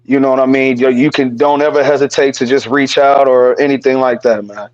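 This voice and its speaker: A man's voice: mid-range voice, fairly even intonation, a little fast, darkish tone, no echo, muffled recording. A man co-hosting a podcast, speaking earnestly and repeating his phrases, cursing casually as he offers support over a remote call. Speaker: podcast co-host. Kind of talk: casual heartfelt podcast talk.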